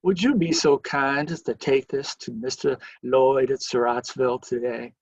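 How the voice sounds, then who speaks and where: A man in a history talk speaking the lines of a charming, courtly Southern gentleman. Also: mid-range voice, moderate pace, slightly rough, highs cut off, natural voice. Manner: courtly and polite.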